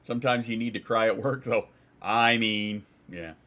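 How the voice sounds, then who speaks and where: A man's voice: fairly low pitch, fairly even intonation, moderate pace, pushed and bright. A man streaming from home, chatting casually and rambling, swearing and reading out chat messages.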